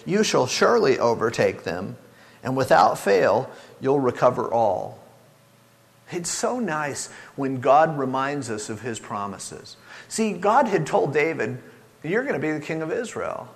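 A man's voice: mid-range voice, sing-song, measured pace, vocal fry. A man preaching a sermon as pastor, earnest and conversational, often acting out prayers and quotes. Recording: long reverb of a large hall.

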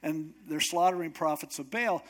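A male pastor preaching a sermon in a relaxed, joking storytelling voice. His voice sits a little higher than most men's. He moves easily between retelling and wry asides. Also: moderate pace.

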